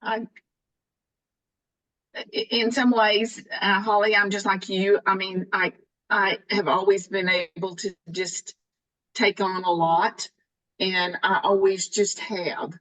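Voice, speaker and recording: Slow, halting woman in her sixties. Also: mid-range voice, flat delivery, a bit bright, low-quality recording. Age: 60s. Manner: halting, with many restarts and fillers. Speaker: group member sharing her experience. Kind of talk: candid personal sharing in a faith group.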